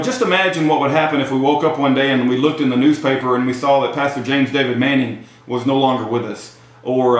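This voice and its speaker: Guy rambling on cam w lots of ums and restarts, reads bits out loud, super echoey room. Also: medium pitch. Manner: halting, many fillers and restarts. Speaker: video commentator. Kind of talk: casual monologue, reading aloud from a text.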